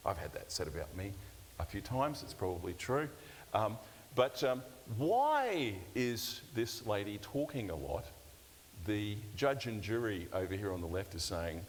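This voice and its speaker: A man's voice: lowish voice, animated, normal speed. An older man, a pastor teaching a seminar session in a conversational, self-deprecating way with light humour. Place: church hall. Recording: long church-hall reverb, faint hiss.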